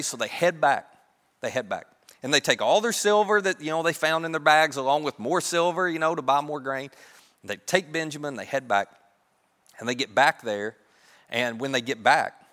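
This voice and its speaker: A man preaching a sermon, telling a story in a lively way and acting out the characters' voices. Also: mid-range voice. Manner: animated, acts out characters' voices. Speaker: pastor. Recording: long reverb of a large hall.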